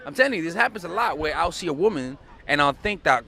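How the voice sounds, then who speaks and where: A man's voice: a little high, lively intonation, quick pace, vocal fry, bright, forceful tone. Blunt, swearing male dating coach. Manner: blunt and profane, repeats himself for emphasis. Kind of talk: casual advice monologue.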